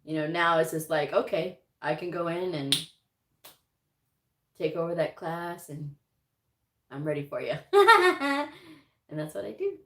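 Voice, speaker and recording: A woman's voice: fairly low pitch, sing-song, unhurried, long pauses, a bit bright. A middle-aged woman hosting a casual storytelling livestream about medical coding, chatting, laughing often and acting out what others said. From United States. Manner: chatty, laughs often, acts out quotes in voices. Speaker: medical coding educator and channel host. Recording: echoey room.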